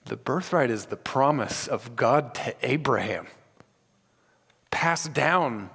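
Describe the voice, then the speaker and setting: Male pastor, animated sermon delivery acting out scenes, recorded in a church with long reverb. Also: mid-range voice, slow pace, gravelly, slightly rough. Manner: animated, acts out scripture with dramatic voices. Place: church sanctuary.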